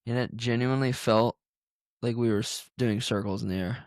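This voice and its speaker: A man's voice: mid-range voice, fairly even intonation, moderate pace, dry recording, clean studio sound. A young man co-hosting a casual chat from his laptop over a video call, telling stories in a laid-back way, full of fillers. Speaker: co-host. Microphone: laptop mic on a video call.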